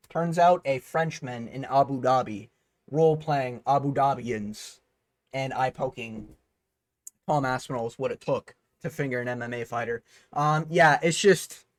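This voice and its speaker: A man's voice: mid-range voice, measured pace, no room sound. A man hosting a vlog breakdown of a fight card, ranting heatedly with plenty of swearing. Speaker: host.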